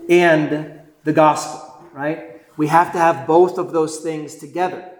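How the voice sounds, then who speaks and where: A man's voice: fairly high pitch, echoey room. A male pastor who stutters, preaching a sermon earnestly and often repeating or restarting his words. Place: church sanctuary.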